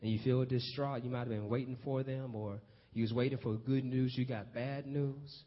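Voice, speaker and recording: A man preaching a sermon, swinging from hushed low passages to loud excited calls. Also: normal speed. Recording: dull lo-fi recording.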